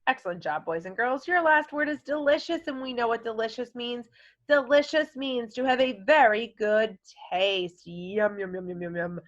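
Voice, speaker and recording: A woman's voice: fairly high pitch, animated, normal speed, muffled recording. A woman teaching a recorded vocabulary lesson to children, encouraging them and modeling words in playful voices. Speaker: elementary school teacher.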